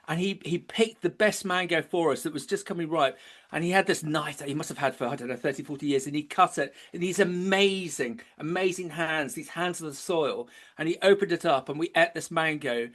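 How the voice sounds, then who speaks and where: A man's voice: fairly high pitch, fairly bright tone. A man, a guest on a podcast, telling stories with enthusiasm and frequent restarts. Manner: enthusiastic storyteller, many restarts. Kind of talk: podcast interview.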